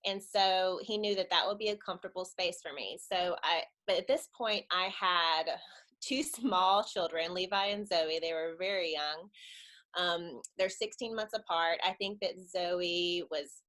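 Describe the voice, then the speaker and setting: A woman's voice: lowish voice, a little slow, fairly bright tone. A woman, giving a chatty personal testimony at a church webinar and laughing often as she tells it.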